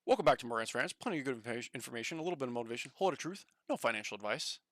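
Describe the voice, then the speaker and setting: A man's voice: mid-range voice, animated, very fast, fairly bright tone, no echo, studio quality, natural voice. A man doing an impression of a male finance streamer reciting his punchy show intro. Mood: announcing. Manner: punchy catchphrase delivery.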